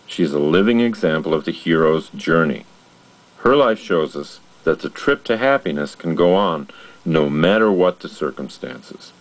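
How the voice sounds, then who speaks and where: A man giving an earnest, measured motivational narration about personality and change. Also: extremely low pitch, expressive, low-quality recording.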